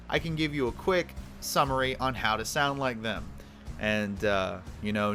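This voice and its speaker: An energetic man explains voice techniques in a chatty tutorial. His tone is bright and forceful at an average pitch. Faint music plays beneath. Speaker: voice actor teaching a tutorial. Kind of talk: casual tutorial.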